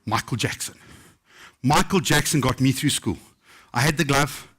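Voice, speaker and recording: A middle-aged chef from South Africa spins funny anecdotes for a festival crowd, his voice sitting at an ordinary middle pitch. He talks in a lively, humorous way and often slips into other people's voices for the quotes. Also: moderate pace, husky. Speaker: chef telling stories at a book festival. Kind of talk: live anecdotal storytelling to an audience.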